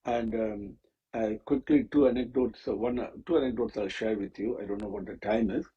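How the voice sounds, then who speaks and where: Guy explaining a hymn, very breathy husky voice, muffled lo-fi audio. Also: fairly low pitch, fairly even intonation. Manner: halting, with many fillers and restarts. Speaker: scripture teacher. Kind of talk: explaining a Sanskrit hymn with stories.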